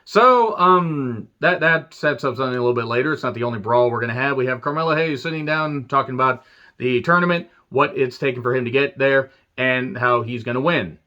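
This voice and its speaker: Crude joking man, bright voice. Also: mid-range voice, a little fast, dull audio. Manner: crude, joking, goes off on tangents. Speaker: wrestling show reviewer. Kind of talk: casual solo review monologue.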